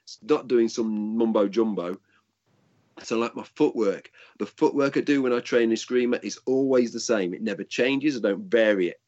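A man's voice: mid-range voice, normal speed, darkish tone. Older man, rambling practical answers, lo-fi. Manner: rambling, frequent restarts, practical. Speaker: martial arts instructor. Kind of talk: casual interview answers.

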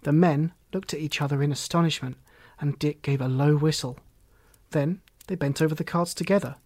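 A male audiobook narrator reads in a calm, steady storytelling voice that sits slightly high. The recording is close and dry with no room sound. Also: moderate pace, dry recording. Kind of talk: scripted narration.

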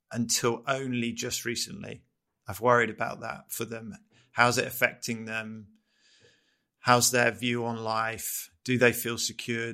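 Man, middle-aged, podcast co-host, reflective chat, earnest, halting, flat delivery, gravelly. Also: medium pitch. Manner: earnest and halting, often restarting sentences.

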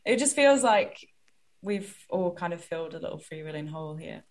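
A woman's voice: lowish voice, expressive, moderate pace. Chatty woman podcast co-host. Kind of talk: casual podcast chat.

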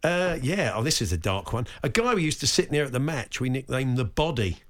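A man's voice: mid-range voice, very animated, a little fast. A man with a British accent hosting a radio show, joking around and reading out listener messages. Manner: jokey storyteller, reads out listener messages. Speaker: radio host. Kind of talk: casual radio chat.

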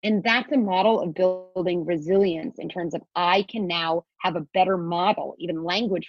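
A woman's voice: lowish voice, no room sound. A woman on a podcast explaining parenting ideas in an earnest, coaching way, sometimes acting out a child's inner voice in a sing-song. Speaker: parenting guest expert. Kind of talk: podcast interview talk. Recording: dull, dry podcast audio.

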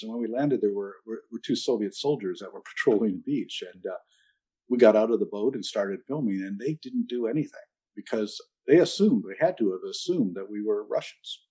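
Older guy telling stories slow and dry, low dark husky voice. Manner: measured, anecdotal, dry humor. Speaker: interview guest, ocean activist. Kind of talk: storytelling interview answers.

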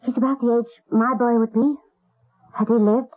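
A woman playing a gentle, grieving lady of the house in a 1970s radio drama, breathy and tearful. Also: fairly high pitch, fairly even intonation, normal speed, natural voice. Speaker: Lady Emily. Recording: tinny lo-fi old radio broadcast.

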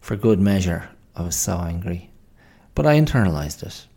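A man's voice: low voice, lively intonation, normal speed, mellow, husky. An Irish man hosting a podcast, telling a story in a wry, exasperated casual monologue. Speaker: podcast host. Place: indoors at home, late night.

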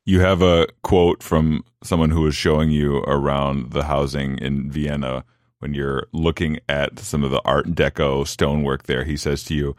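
A man interviewing a guest, speaking in a measured way and summing up the guest's points. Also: rumbling low, little pitch movement, dry recording, studio quality. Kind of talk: political interview.

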